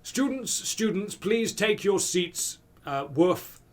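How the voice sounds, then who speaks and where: A man voicing an excitable male dog who teaches a class, tacking a woof onto his sentences in a video game reading. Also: high-pitched, slow, voice pushed up. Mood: fussy. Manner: punctuates sentences with a barked woof. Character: panting male dog professor, fussy and excitable.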